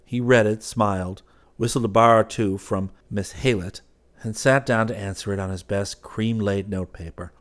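A man narrating an audiobook in a measured, quiet storytelling manner. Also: lowish voice, steady tone. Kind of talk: scripted narration.

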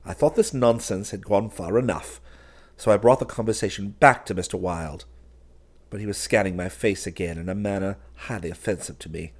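A man reading a gothic story aloud in the first person with dramatic, expressive delivery. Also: fairly low pitch, a little fast. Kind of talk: scripted narration of a gothic story.

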